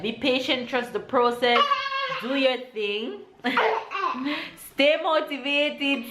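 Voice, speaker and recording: A woman's voice: fairly high pitch, a bit bright, a little hiss or hum. A woman with a Jamaican accent chatting casually to her vlog audience from home, upbeat and motivating, laughing often. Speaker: vlogger and mother. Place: indoors at home. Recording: roomy echo.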